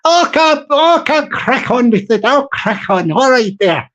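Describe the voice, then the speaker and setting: A man playing an eager fellow pitching a money-making idea at a council meeting, excitable, repetitive and giggling. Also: unhurried, highs cut off, heavily acted. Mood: excited.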